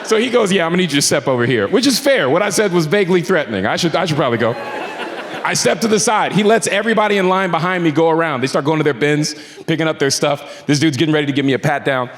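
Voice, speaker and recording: A male stand-up comedian telling a story on stage in an animated, profane way, with asides to a live audience. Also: fairly high pitch, fast talker, a little hiss or hum. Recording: echoey venue with audience laughter.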